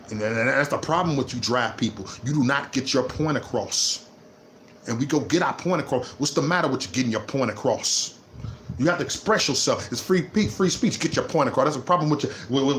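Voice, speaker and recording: A man ranting on his vlog, repeating himself and swinging between low muttering and loud laughing outbursts. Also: a little hiss or hum. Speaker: vlogger. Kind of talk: unscripted livestream rant.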